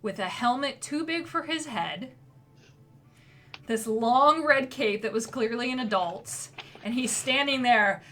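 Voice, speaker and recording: A woman narrating as game master in a tabletop game, lively and quick to laugh. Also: on the high side.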